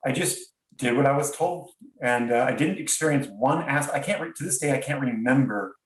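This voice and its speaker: A man's voice: medium pitch, moderate pace. A man, a podcast guest, tells a personal story in an earnest, reflective way, often stopping and restarting his sentences. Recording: roomy sound, distant from mic.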